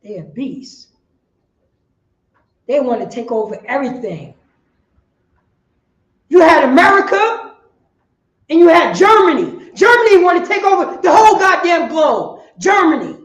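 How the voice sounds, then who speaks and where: A woman preaching on the street, firing rhetorical questions and bursting into shouts. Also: sits high, big pitch swings, a little slow, pauses often, echoey room, poor audio.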